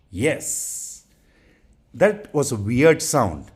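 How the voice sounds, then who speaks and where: Slow, deliberate male pronunciation teacher. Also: mid-range voice, very animated, husky. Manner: deliberate, repeats each word twice for practice. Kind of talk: slow instructional drilling.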